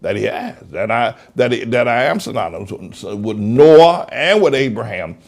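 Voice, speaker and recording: Gravelly preaching man with lively pitch. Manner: emphatic preaching, drawn-out stressed words, repeats himself. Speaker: pastor. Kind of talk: sermon broadcast.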